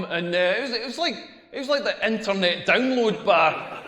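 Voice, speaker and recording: A high-voiced Scottish man working through a rambling stand-up set. His brash ranting rings out across an echoey club room with a long hall tail. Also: animated, fairly quick, fairly bright tone. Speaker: stand-up comedian. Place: comedy club stage.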